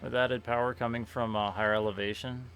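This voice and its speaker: Male streamer, mid-pitched and gravelly, relaxed thinking-aloud play commentary. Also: a little fast. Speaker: streamer playing a tactics game. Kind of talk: casual game commentary. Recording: faint game music behind.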